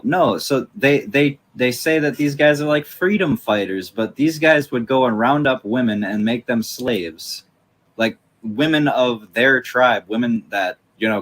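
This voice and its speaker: A man in a casual podcast chat who talks bluntly, swears offhandedly and laughs easily. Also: lowish voice.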